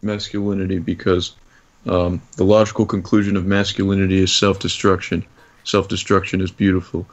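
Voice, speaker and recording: Deadpan monotone man, low voice. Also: fairly quick, highs cut off. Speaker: guest. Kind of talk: casual chat.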